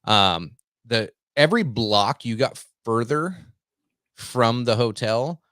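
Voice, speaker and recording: A man's voice: medium pitch, animated, takes it slowly, a bit bright, dry recording, clean studio sound. Rambling, profane country-boy storyteller. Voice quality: self-described simple country boy. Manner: rambling, profane, heavy on fillers. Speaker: podcast host. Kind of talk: casual storytelling.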